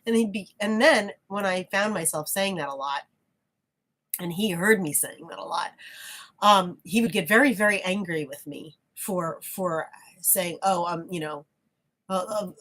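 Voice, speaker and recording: Woman vlogger, lower pitch, frank reflective monologue with halting restarts. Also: fairly bright tone. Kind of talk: casual spoken monologue.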